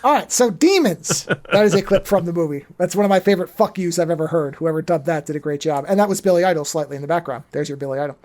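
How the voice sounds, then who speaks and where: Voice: medium pitch, fast talker, few pauses, a little mellow. A podcast host in casual chat who explains things at length, rambling and losing words mid-thought.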